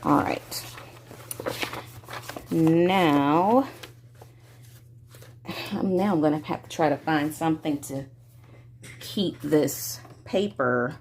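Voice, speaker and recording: Slow, low-voiced woman chatting through a craft tutorial. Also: darkish tone, slight background noise. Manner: chatty, talks to viewers while working, drawn-out words. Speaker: coloring tutorial host.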